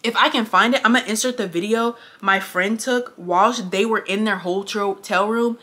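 A woman's voice: medium pitch, moderate pace, pushed and bright. A young woman telling a story to camera while getting ready, blunt, emphatic and full of swearing. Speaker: vlogger.

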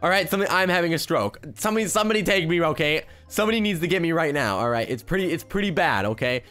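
A man's voice: fairly high pitch, animated, fast talker, fairly bright tone, faint music behind. A young man joking and rambling through casual gameplay commentary, with frequent restarts. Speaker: gaming YouTuber.

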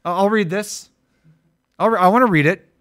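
Animated Ohio man hosting tech stream. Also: high-pitched, moderate pace, no echo, studio quality. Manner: animated, rambling, jokey, voice jumps when excited. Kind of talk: casual livestream chat.

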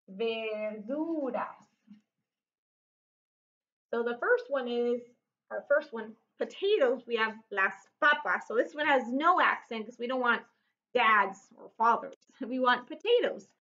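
A woman teaching a recorded Spanish vocabulary lesson, speaking slowly and clearly and repeating each word several times. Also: fairly high pitch, expressive, fairly bright tone, highs cut off.

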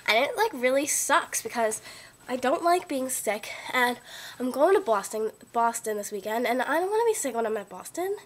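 A young woman with a cold chatting excitedly about her favorite makeup, gushing and full of "like" and "oh my God", recorded on a computer webcam mic at home. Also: a little high, moderate pace. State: sick, voice lower than usual. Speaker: beauty vlogger. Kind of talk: casual chat. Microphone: built-in computer webcam mic.

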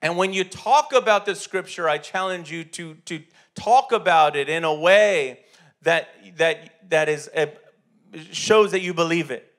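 A man's voice: fairly high pitch, unhurried, a bit bright. A man preaching a sermon in a church, talking conversationally with many restarts and repeated words. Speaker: pastor.

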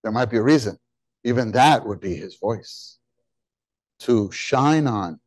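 Animated male preacher, dry sound. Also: fairly low pitch, measured pace, pauses often, no echo, poor audio. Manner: animated, rising to near-shouts on key words; drops into soft, quiet asides when quoting God. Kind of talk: sermon.

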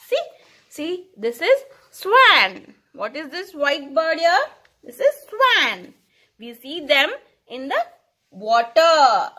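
A woman teaching preschool children, saying each word slowly and repeating it for them to echo. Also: high voice, sharp tone. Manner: slow, sing-song, repeating words for children to echo. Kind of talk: recorded lesson for young children.

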